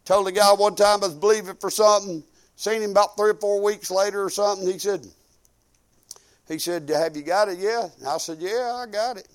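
An older man preaching with a drawl and a strikingly high voice. He hammers points through repetition and folksy, storytelling asides, acting out little quoted conversations as he goes. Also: a little fast. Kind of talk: sermon.

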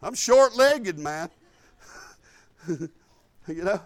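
High-voiced folksy man preaching. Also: lively intonation, drawn-out words, no echo. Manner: folksy, humorous, drops to low asides. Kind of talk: sermon with personal storytelling.

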